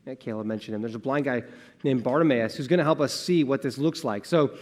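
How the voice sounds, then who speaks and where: A man's voice: mid-range voice, a little fast. Earnest male pastor in a reverberant sanctuary. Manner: earnest, swings between emphatic and hushed, asks rhetorical questions. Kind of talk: sermon. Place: church sanctuary. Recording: long church reverb.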